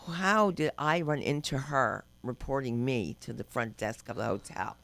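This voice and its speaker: A woman's voice: extremely low pitch, moderate pace, few pauses, fairly bright tone. An older woman doing open-mic stand-up, telling brash, rambling stories and acting out quotes. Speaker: stand-up comedian. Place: comedy club stage.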